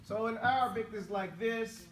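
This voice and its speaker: High-voiced man teaching in an echoey room. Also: moderate pace. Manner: animated, drills pronunciation, coaxing and joking. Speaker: Arabic teacher. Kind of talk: classroom language drill and anecdotes. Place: classroom with students. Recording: echoey room, far from the mic, noisy.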